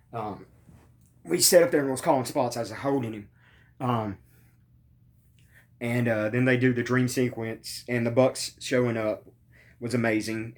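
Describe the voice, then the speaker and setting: A man hosting a podcast, in pain after surgery, rambling casually with lots of ums and swearing. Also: medium pitch. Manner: rambling, profane, many ums and uhs. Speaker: podcast host.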